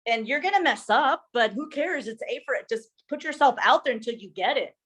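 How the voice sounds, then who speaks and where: A young adult woman, a social media consultant, chatting casually and lively in a workshop, slipping in Spanish phrases. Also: sits high, a little fast, slightly rough.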